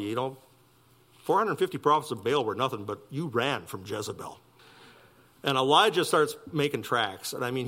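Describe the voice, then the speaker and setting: A man, preaching a sermon with animated delivery that climbs loud and high for emphasis and drops to near whispers. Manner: animated preaching, rising loud and high for emphasis, dropping soft for quiet lines. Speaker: pastor.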